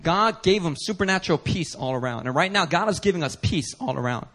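A man preaching a sermon as pastor, telling a story animatedly with laughter and sudden shouts. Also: a little high, animated, a little fast. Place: church service.

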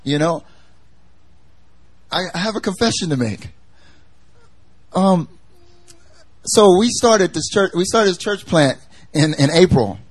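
A male pastor preaching in a loose, talkative way, building emphasis through repetition. His voice sits a little high for a man. The sound is close and dry, with little room around it. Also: expressive, slow pace, pauses often, no room sound. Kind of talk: conversational sermon. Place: church service.

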